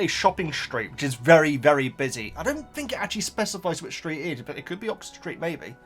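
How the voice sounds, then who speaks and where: A man hosting a book reaction video, chatting casually to viewers in a rambling way with frequent stammered repeats and asides. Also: fairly high pitch.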